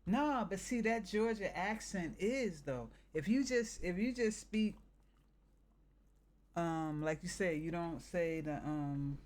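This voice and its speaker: Here the same northern U.S. man is chatting on a live stream, his high-pitched voice full of lively intonation. He thinks out loud, hesitating and wandering from point to point.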